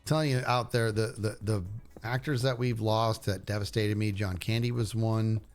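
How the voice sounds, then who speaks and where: A middle-aged man with a lowish, steady voice chats casually with his livestream viewers at a normal speed. He rambles enthusiastically about shows he loves and keeps cutting himself off mid-sentence. Soft music plays in the background.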